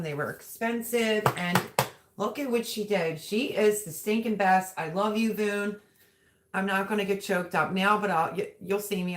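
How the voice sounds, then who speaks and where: A woman with a slightly low voice chatting on her own livestream. She gushes warmly and talks to viewers as she reads their comments aloud. Her delivery is loose and conversational. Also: a little hiss or hum. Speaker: livestream host. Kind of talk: casual livestream chat.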